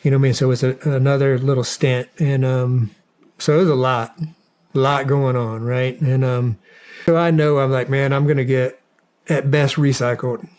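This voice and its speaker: A man's voice: medium pitch, fairly even intonation, moderate pace, darkish tone. Rambling man telling a war story. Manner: rambling, swears, many fillers. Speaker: guest, former soldier. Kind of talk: casual storytelling.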